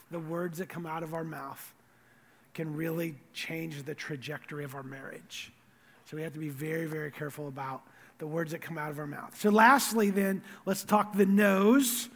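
A man preaching a sermon as pastor, earnest, repeating words and swinging from loud stress to quiet asides. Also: fairly high pitch, slightly rough, long reverb tail.

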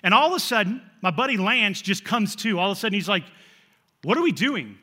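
A man, preaching a sermon through a personal story, animated, often repeating words and restarting phrases. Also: high-pitched, fast talker, big-room sound. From central Illinois, USA. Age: 30s. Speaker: pastor.

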